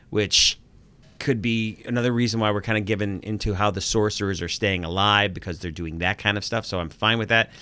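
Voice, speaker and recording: A man's voice: lowish voice, pushed and bright, clean tone. A man co-hosting a casual recap podcast, acting out scenes and sound effects as he talks. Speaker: podcast co-host. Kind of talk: casual episode recap chat.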